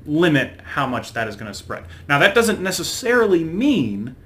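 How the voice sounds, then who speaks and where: Earnest, halting man co-hosting a podcast. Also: a little high, big pitch swings, fairly bright tone. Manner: halting, repeats words, earnest. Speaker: podcast co-host. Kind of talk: casual political chat.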